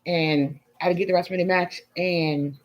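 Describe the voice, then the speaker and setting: This livestream host is a middle-aged woman with a Chicago-area accent who reads viewer comments, sips wine and speaks frankly and emphatically. Her fairly low voice holds a steady tone at normal speed, and the highs are cut off.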